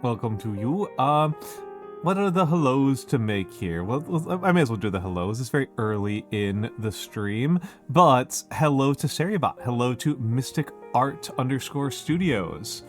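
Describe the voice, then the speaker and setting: Male streamer, casual chat, middle pitch, drawn-out greetings, lots of fillers, faint music behind. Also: lively intonation.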